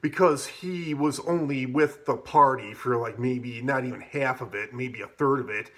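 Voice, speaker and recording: A man's voice: medium pitch, normal speed, fairly bright tone. Rambling, profane man telling a story. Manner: rambling, profane, many fillers like "like" and "you know". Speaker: vlogger. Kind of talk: casual storytelling.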